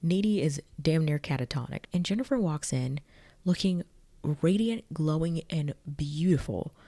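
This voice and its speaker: A woman with a very low, gravelly voice chats through a film recap in a loose, joking way. Her tone is dark and mellow, and "like" fills her sentences. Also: moderate pace. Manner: chatty and jokey, lots of "like". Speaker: video essay host.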